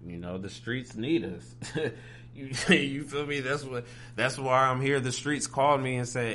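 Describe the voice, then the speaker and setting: A man's voice: mid-range voice, unhurried, fairly bright tone, slight background noise. A man from Ohio hosting a podcast, talking in a laid-back, slangy casual chat style, often asking "you feel me". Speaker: podcast host.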